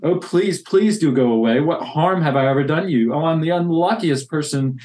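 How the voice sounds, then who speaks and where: A man's voice: fairly high pitch, lively intonation, normal speed, darkish tone, natural voice. A man voicing a frightened, self-pitying young boy from a storybook, raising his voice to plead. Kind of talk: reading a storybook aloud.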